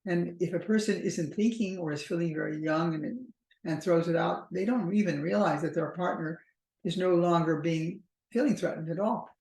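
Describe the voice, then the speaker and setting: A woman relationship therapist explaining in a measured, thoughtful way, slowing down at times and restarting her phrases. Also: lowish voice, gravelly, darkish tone, roomy sound, low-quality recording. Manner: measured and thoughtful, slow stretches with frequent restarts and fillers. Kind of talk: explanatory talk to camera.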